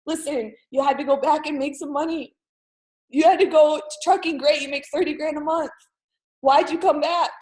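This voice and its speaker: A young woman with a high voice rallies her team over a call, leaning on repetition to drive each point home. Her talk is loose and chatty, full of "like", but fervent underneath. The sound is plain call audio from a home mic. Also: steady tone, normal speed, a little mellow. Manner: emphatic, repeats lines for effect, heavy use of "like". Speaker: team leader on a sales team call. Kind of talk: motivational pep talk on a group call. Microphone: call audio from a computer or phone mic.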